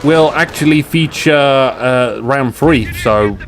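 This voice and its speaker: A man shoutcasting a strategy game, excitable and jokey, with rambling asides to his viewers. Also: medium pitch, slow pace, noisy background. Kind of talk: live game commentary.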